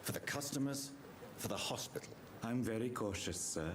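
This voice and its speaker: A man's voice: mid-range voice, lively intonation, normal speed, background noise, lightly acted. A man playing a polite pawnbroker who used to be a doctor, speaking formally and calling others sir, in a video game. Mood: earnest. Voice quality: formal, courteous speech, calls others sir. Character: polite middle-aged male pawnbroker, a former doctor. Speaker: morgue guardian and pawnbroker. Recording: game audio with loud background music.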